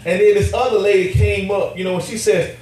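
Man, pastor, sermon, animated, laughing, fairly high voice, heavy church echo. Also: brisk, distant mic. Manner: animated, laughing preacher acting out dialogue with God. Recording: echoey church from afar.

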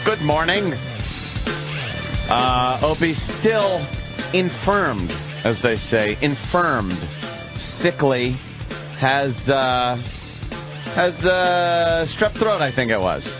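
A man hosting a radio show, bantering loudly and cracking jokes. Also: mid-range voice, drawn-out words, pauses often, music in the background. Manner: loud, mock-energetic, joking.

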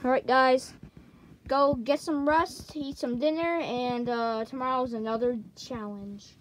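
A woman hosting a make-believe plush-toy game show in an excitable, playful way. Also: sits high, a little slow, slight background noise, low-quality recording. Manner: excitable, jumps between characters' voices. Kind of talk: playful toy role-play narration.

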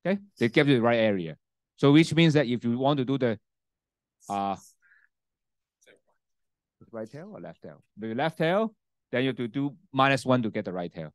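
A man's voice: mid-range voice, expressive, moderate pace, long pauses, dry recording, studio quality. A man teaching a university class and demonstrating a spreadsheet, often checking in with "okay?" and "right?" and restarting sentences. His first language is Cantonese. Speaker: university lecturer. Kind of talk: classroom lecture with software demo. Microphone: handheld mic, sometimes set down.

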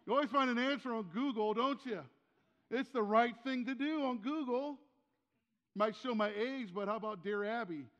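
Older male pastor, high voice, church reverb. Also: normal speed, fairly bright tone, lo-fi sound. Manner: conversational, rhetorical questions, repeats key phrases. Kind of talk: sermon. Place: church sanctuary.

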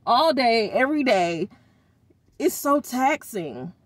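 Middle-aged woman vlogger, venting and slangy, slow delivery, dry close sound. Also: fairly high pitch, no room sound. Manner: exasperated, venting about her kids; expressive, uses informal slang. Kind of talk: casual vlog rant.

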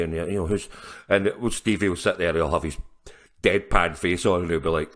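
A man's voice: low-pitched, steady tone, brisk, fairly bright tone. A man, a musician guest on a podcast, telling stories in a chatty way with frequent laughs and restarts. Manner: chatty storyteller, laughs often, many restarts. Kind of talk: casual interview chat.

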